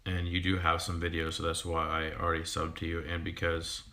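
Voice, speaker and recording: A man in his thirties talks casually to viewers on a livestream, stopping and restarting often with lots of ums. His voice is very low and flat in pitch, with a bright, slightly edgy tone. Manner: halting, full of ums and restarts. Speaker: fishkeeping YouTuber and sixth-grade teacher.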